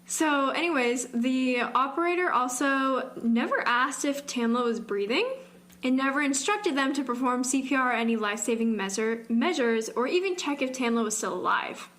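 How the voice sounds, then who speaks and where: Rambling young woman, higher voice. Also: moderate pace, a bit bright. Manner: rambling, fills speech with "like". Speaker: podcast co-host. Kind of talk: casual true-crime chat.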